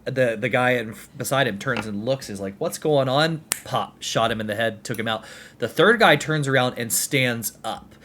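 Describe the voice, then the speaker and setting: Excitable man recounting a game. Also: medium pitch, moderate pace, slight background noise. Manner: excited, laughs while telling story. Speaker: podcast co-host. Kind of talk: casual podcast chat.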